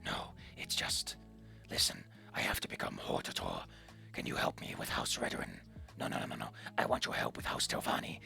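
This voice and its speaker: A streamer voicing a gruff young female dark elf artist, speaking curtly in a gravelly whisper. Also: rumbling low, fairly quick, soft background music, pitched below the performer's own voice, heavily acted. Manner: curt, guarded.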